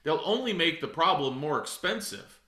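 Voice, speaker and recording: A man's voice: on the high side, expressive, normal speed, sharp tone, echoey room. A middle-aged man coaching real estate agents in a direct, emphatic way, calling his listeners folks. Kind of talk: coaching talk.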